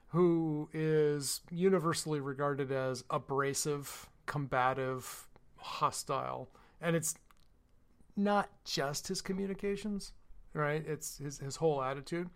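Animated storytelling man, fairly high voice. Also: clean tone. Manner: animated retelling, mocking others in quotes. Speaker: podcast co-host. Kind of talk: casual chat, storytelling.

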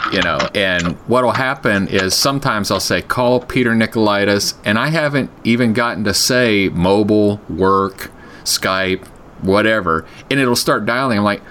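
A man co-hosting a podcast in casual chat, animated and quick to laugh. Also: fairly low pitch, slight background noise. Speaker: podcast co-host.

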